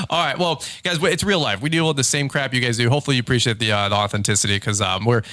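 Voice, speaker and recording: A man hosting a podcast in casual chat, telling stories in an excitable, laughing way. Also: medium pitch, no echo, studio quality. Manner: fast, excitable, laughing storyteller. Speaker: podcast host, lawn care business owner.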